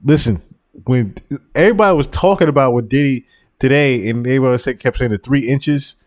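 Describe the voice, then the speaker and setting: A man's voice: medium pitch, a little fast. Man casually commenting on his podcast. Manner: laughing, animated storyteller. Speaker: podcast host.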